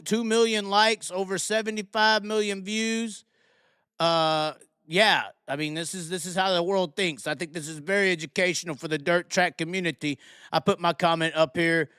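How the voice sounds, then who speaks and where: A man's voice: high voice, pushed and bright, clean tone, no echo, clean studio sound. A man hosting a live motorsports talk stream, ranting in a sarcastic, mocking way to his chat. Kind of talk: live call-in chat show.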